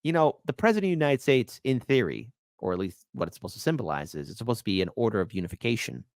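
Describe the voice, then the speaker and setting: A man's voice: on the low side, very animated, quick pace, no echo, clean studio sound. A man hosting casual political commentary, sarcastic and mocking, reading articles aloud. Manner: sarcastic, mocking, swings between loud outbursts and mutters.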